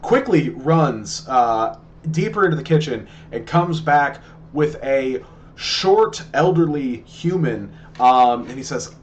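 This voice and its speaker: A man narrating as game master of a tabletop game, talking in a halting way with many restarts. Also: medium pitch, lively intonation, slight background noise.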